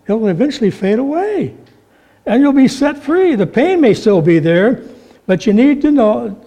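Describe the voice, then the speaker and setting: A man preaching a sermon, telling stories with animated delivery and acting out the voices in them. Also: sits high, moderate pace. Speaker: pastor.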